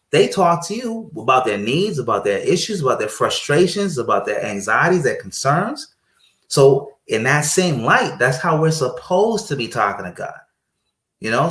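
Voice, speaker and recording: Guy chatting on a podcast, acts out voices, laughs a lot, echoey room. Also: mid-range voice. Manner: animated storyteller, acts out voices, laughs often. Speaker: podcast guest. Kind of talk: casual chat.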